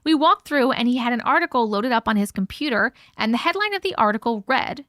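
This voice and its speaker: A woman's voice: fairly high pitch, lively intonation, bright, forceful tone, dry recording, studio quality. Chatty woman host reading stories. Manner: chatty, reads aloud with quick asides. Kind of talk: casual live-stream story reading.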